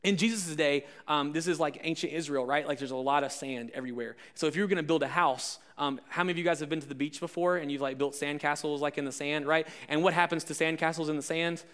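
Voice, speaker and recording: A young man with a high, bright voice preaches a casual sermon to his congregation. He talks in an easy, conversational way, full of "like" and quick jokey asides, swinging between loud, punchy calls to the room and quieter reflection. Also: steady tone, smooth. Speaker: pastor. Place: church service with live audience.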